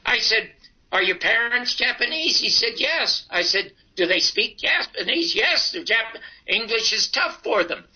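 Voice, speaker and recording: A man's voice: very high voice, very animated, unhurried, breathy edge. A man in his eighties, a comedian and talk show host, telling a long story and acting out both sides of the dialogue. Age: 80s. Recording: dull lo-fi broadcast audio.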